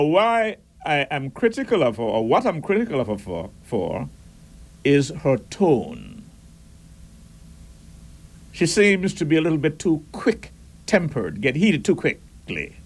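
A man hosting a radio talk show, reading listener messages and giving firm, measured opinions. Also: mid-range voice. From Caribbean.

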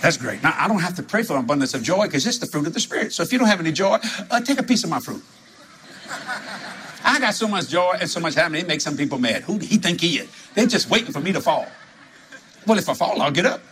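A man from New preaching a sermon full of stories, animated and laughing as he talks, jumping to high exclamations. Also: fast, slight background noise. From New Orleans.

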